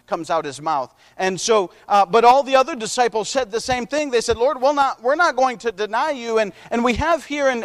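A man preaching a sermon, reading scripture slowly and drawn out, then driving points home with emphatic rises. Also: high voice, a bit bright.

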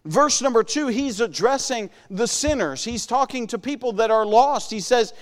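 A man's voice: very high-pitched, animated, normal speed, few pauses, long reverb tail. A man preaching a sermon in an earnest manner, repeating words and calling out to listeners.

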